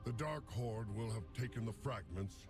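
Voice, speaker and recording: An actor playing a grim male veteran warrior with a grave, gravelly voice. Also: fairly low pitch, expressive, moderate pace, over music, lightly acted.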